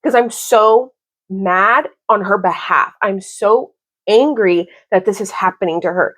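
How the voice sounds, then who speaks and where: A woman in her thirties vents about a book in a casual vlog. Her delivery is animated and exasperated, and she leans on "like" as she talks. Her voice sits at an ordinary middle pitch for a woman. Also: unhurried. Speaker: book vlogger. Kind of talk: casual book review rant.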